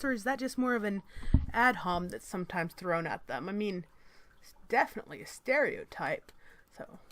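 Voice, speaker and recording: A woman's voice: sits high, fairly bright tone. A woman reading an article aloud and commenting on it in a sarcastic, mock-innocent manner.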